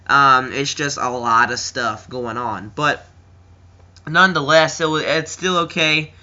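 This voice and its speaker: Chatty teenage boy, bright lo-fi voice. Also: fairly even intonation, a little slow. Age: teens. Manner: rambling, filler-heavy, acts out quotes in a higher voice. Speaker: wrestling reviewer. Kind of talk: casual chat.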